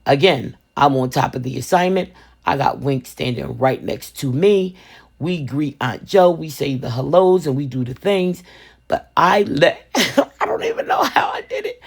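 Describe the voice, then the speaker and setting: A woman vlogger telling a funny family story in a casual storytime style, animated and expressive. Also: rumbling low, vocal fry, slightly rough. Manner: animated, expressive, laughs often. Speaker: vlogger, resin crafter.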